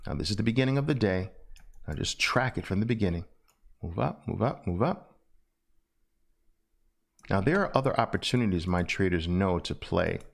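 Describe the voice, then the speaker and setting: A middle-aged man teaching a trading lesson over a screen share, animated and repetitive, with loud "boom" exclamations. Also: quick pace, vocal fry. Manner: animated, punctuates with loud "boom" and repeats phrases. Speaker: trading instructor.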